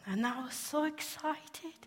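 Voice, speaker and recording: Animated woman preaching a testimony in a reverberant hall. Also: sits high, takes it slowly. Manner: animated storyteller, laughs often, asks the audience questions. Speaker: speaker sharing a testimony. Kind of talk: testimony sermon.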